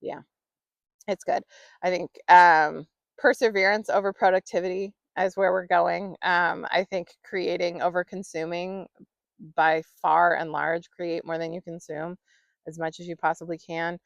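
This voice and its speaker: Her voice is lowish with fairly even intonation and vocal fry, and she speaks unhurriedly with no echo. The woman hosts her own podcast, chatting and rambling casually in a solo monologue with many fillers and laughs.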